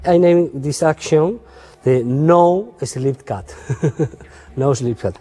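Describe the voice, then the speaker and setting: A man's voice: fairly high pitch, mellow. Male magician explaining sleights in plain broken English, faint music under him. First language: Spanish. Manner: simple, broken English with frequent "okay?" and "eh?" checks; playful, storytelling patter. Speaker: magician teaching card sleights. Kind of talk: instructional demonstration.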